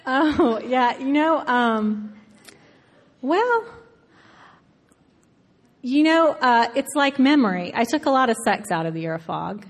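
With a voice that sits high and a faint Southern accent, an Alabama writer chats about her work in a thoughtful interview onstage before an audience. She laughs quickly and often, breaking into fillers and self-interruptions, and the room rings with hall reverb.

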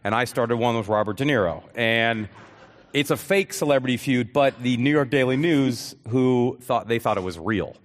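A man in his thirties tells a chaotic story as a talk show guest, racing through anecdotes and chuckling at his own punchlines. His voice sits in an ordinary middle range. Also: medium pitch. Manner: fast comic storytelling with laughs. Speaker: comedian guest.

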